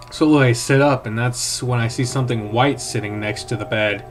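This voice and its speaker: A man reading a visual novel aloud in first person, with a hushed, tense, dramatic delivery. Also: mid-range voice, fairly quick, hardly any pauses, soft background music. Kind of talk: first-person story narration.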